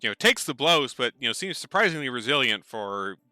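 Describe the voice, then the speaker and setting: A man narrating a tabletop game as its game master, loose and chatty, with plenty of filler words. His voice is strikingly bright and cleanly resonant. The sound is dry and close. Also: mid-range voice, sing-song, brisk, no echo. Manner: casual, rambling with many fillers, laughs easily.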